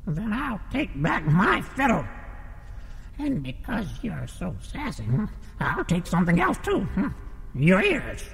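A man's voice: high-pitched, wildly swooping pitch, a little slow, gravelly, fairly bright tone, big-room sound, heavily acted. A man voicing a nasty, menacing old female witch with a folksy, drawling manner.

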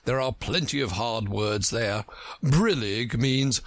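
A man reading a storybook aloud, voicing a pompous, scornful know-it-all who speaks in a lively, lilting way. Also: mid-range voice, slow pace, dry recording.

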